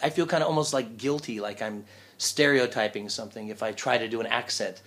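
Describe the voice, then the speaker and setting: A voice actor living in Japan chats loosely as an interview guest about his work, speaking fairly quickly. He tells anecdotes in an easy, mid-pitched voice, animatedly acting out the voices of the people he quotes.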